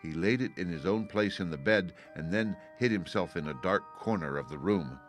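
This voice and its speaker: A man narrating a fairy-tale audiobook with a low voice. His delivery is steady and even, with faint music underneath. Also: normal speed.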